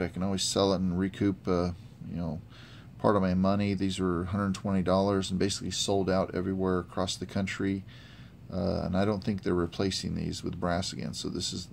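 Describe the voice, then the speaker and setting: A man giving a casual, halting product review with many fillers, filming on a handheld camera. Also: low-pitched, gravelly, slight background noise. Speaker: gun hobbyist reviewer. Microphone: handheld camera mic.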